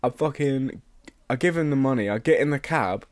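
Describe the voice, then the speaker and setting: A man's voice: mid-range voice, moderate pace, no echo, clean studio sound. A young man, a podcast co-host telling a rambling story in casual chat, swearing a lot and acting out voices.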